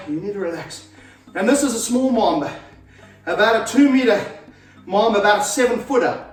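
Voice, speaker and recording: A middle-aged man talking to camera as he handles a snake, energetic and out of breath, stopping to coax it. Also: high voice. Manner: energetic, breathless, coaxing the snake between explanations. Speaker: snake handler and vlog host. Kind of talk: casual talk to camera while handling a snake. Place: echoey room with slippery floors, indoors. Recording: roomy echo, voice a bit far from the mic, faint music.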